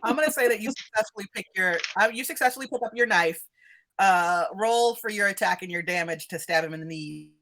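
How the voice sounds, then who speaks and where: A woman's voice: medium pitch, fairly quick, a bit bright. A woman running a tabletop game as game master, narrating loosely with laughs and rambles.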